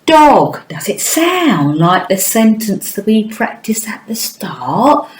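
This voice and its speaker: A woman teaching a phonics lesson to young children, with a slow, sing-song teacher voice that stretches out each sound. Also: mid-range voice, big pitch swings, echoey room, poor audio. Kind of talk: early-years phonics lesson.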